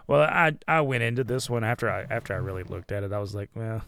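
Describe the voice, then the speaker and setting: A man's voice: fairly low pitch, expressive, fast, creaky, a bit bright. A man co-hosting a podcast in laid-back, teasing casual chat, often chuckling. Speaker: podcast co-host.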